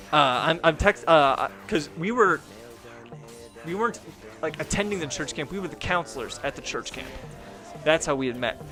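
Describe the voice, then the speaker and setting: A man's voice: on the high side, fairly bright tone. A young man telling a personal story in a casual, rambling way, full of filler words and swearing. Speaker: gaming streamer and video host.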